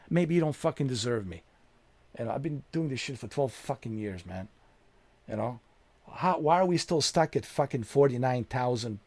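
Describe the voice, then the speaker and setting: A male game streamer on an angry, profane rant at his chat. His voice sits at a middle pitch and sounds close and dry, with no room around it. He talks bluntly and heatedly, swearing in nearly every line. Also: gravelly, darkish tone, breathy edge, no room sound.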